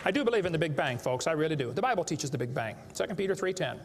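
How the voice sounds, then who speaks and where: A man's voice: a little high, lively intonation, rapid-fire. A man giving a live seminar lecture to an audience, joking and emphatic as he plays to the crowd. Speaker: creationist speaker. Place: large hall with a live audience. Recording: echoey hall with faint background noise.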